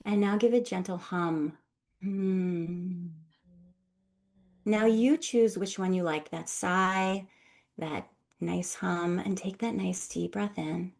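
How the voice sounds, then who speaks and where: A woman who works as a somatic healer, leading a guided breathing exercise with soft-spoken, calm instructions and affirming encouragement. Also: lowish voice, vocal fry.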